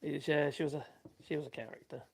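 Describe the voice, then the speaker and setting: A woodworking livestream host rambles casually to viewers while working in his workshop, muttering asides to himself. His voice is a little high, creaky and darkish, with a steady tone and quick pace.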